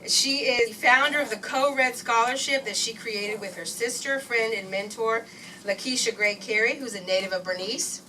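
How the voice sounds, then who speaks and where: A woman presenting at a community event, reading a guest's introduction in a formal, measured way. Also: on the high side, pushed and bright, a little hiss or hum. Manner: formal, measured list-like delivery. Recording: distant mic in a room.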